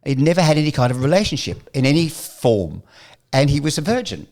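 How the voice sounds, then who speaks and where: A man's voice: a little high, fairly quick. An older Australian man, a guest, telling showbiz anecdotes and acting out the voices of the people in them. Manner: animated, acts out the voices of people in his stories. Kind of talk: storytelling anecdotes.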